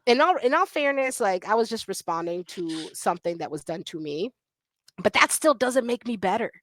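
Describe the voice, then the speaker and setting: A woman's voice: mid-range voice, expressive, moderate pace, fairly bright tone, no room sound. A middle-aged woman on a panel talking candidly over a video call, blunt and self-deprecating, laughing often. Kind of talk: candid conversational storytelling.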